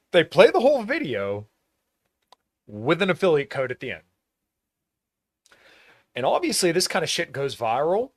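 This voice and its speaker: A man's voice: fairly high pitch, wildly swooping pitch, a little slow, long pauses, dry recording. A man from rural Pennsylvania hosting a podcast in a blunt, profane, casual monologue, laughing often. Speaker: podcast host.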